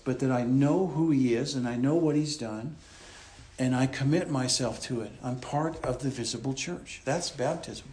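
A pastor with a mid-range, slightly mellow voice preaches a conversational expository sermon in a church. He explains his points and repeats them as he moves along.

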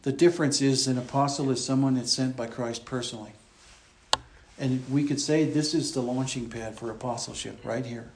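A man's voice: medium pitch, fairly even intonation, normal speed, a little mellow, slight background noise. A man preaching a conversational expository sermon in a church, explaining and repeating his points as he goes. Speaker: pastor.

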